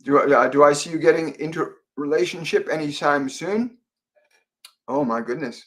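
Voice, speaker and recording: A man from Canada hosting a live psychic Q&A stream, speaking gently with frequent fillers and repeated phrases as he relays messages. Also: fairly high pitch, moderate pace. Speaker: psychic medium host.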